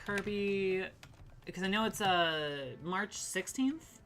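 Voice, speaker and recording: A woman streaming a game, chatting casually and excitedly with her chat and swearing now and then. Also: medium pitch, slow pace, over music. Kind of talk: casual live-stream chat while gaming.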